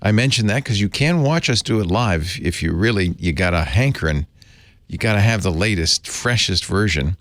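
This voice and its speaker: A man's voice: on the low side, animated, moderate pace, fairly bright tone, dry recording. A man hosting a podcast in an easygoing, jokey way, chatting casually and reading the show's plugs. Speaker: host. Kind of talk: casual podcast chat and show outro.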